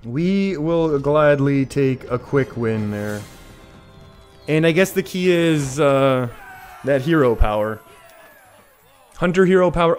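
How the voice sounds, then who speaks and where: A man's voice: fairly high pitch, animated, slow pace, pauses often. A young Canadian man streaming live, chatting through his gameplay, laughing often and answering viewers' messages. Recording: faint music behind.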